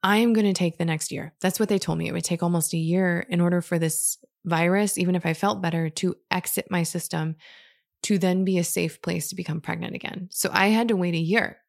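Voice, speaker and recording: A woman, telling a candid personal story in a reflective way, with soft laughs. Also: on the low side, fairly even intonation, fairly quick, gravelly, dry recording, studio quality.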